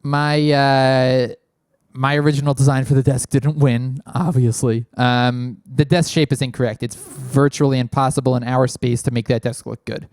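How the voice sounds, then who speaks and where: Speaking at a normal speed in a level, darkish mid-range voice, a man hosts a laid-back call-in podcast. His talk rambles and is packed with fillers, delivered close to a large studio microphone in a small studio without any echo.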